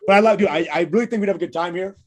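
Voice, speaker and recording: A man's voice: high-pitched, racing, a little mellow. A male comedian co-hosting a podcast in casual chat, riffing and swearing often between laughs, heard over a video call. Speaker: co-host, stand-up comedian.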